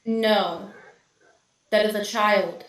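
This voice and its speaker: A woman's voice: mid-range voice, fairly even intonation, very slow, roomy sound, recorded from a distance, low-quality recording. A woman playing a tabletop game, speaking earnestly and formally in character. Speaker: player.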